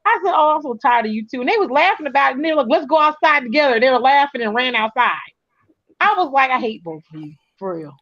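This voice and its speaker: A woman with a high voice chatting casually and telling an animated story, acting out the people in it. Her audio is dull and close with no room sound, like a remote call mic. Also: fast talker, no room sound. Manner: animated storytelling with quoted dialogue. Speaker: co-host. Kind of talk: casual chat.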